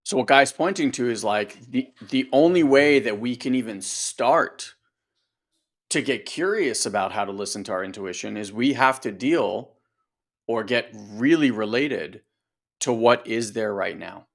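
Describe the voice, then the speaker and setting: Animated man coaching in casual talk. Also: mid-range voice, unhurried, vocal fry. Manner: animated, acts out voices, conversational. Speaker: coach and co-host.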